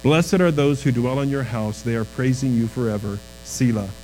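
A man preaching a sermon as a pastor, earnest, his voice dropping low and quiet on key lines. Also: moderate pace, slight background noise, rough recording.

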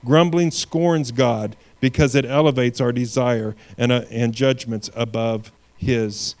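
A man's voice: medium pitch, fairly even intonation, measured pace, a little mellow. A male pastor delivering a sermon, reading scripture aloud and building to emphatic peaks.

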